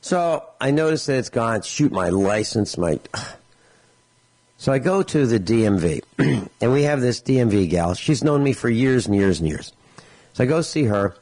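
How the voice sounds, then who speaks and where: A man's voice: medium pitch, moderate pace. A male talk radio host, telling stories with sarcasm and exasperation and acting out both sides of conversations. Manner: animated storytelling, acts out both sides of conversations.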